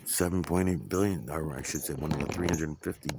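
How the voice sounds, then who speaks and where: A man's voice: a bass voice, a little fast, background noise. A man rambling and ranting outdoors, swearing often. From United States. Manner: profane, ranting. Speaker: vlogger.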